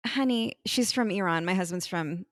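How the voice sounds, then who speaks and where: Casting: woman, mid-pitched, easygoing interview host who laughs often. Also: lively intonation, normal speed, fairly bright tone. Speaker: podcast host. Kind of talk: casual conversational interview. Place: California.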